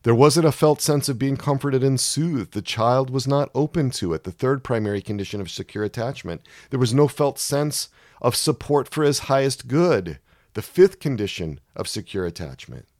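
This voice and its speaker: A man giving a sermon-style Bible teaching, emphatic and measured, reading scripture and explaining it. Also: medium pitch, lively intonation, a little mellow, dry recording, studio quality. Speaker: Christian teacher.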